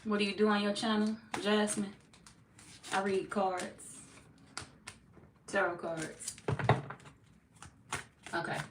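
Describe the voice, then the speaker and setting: A woman, slightly hoarse, chatting casually on a live stream as a tarot reader, greeting viewers by name and swearing freely. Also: mid-range voice, fairly even intonation, slow, long pauses. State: slightly hoarse, feels she is losing her voice. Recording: echoey room, far from mic, faint noise.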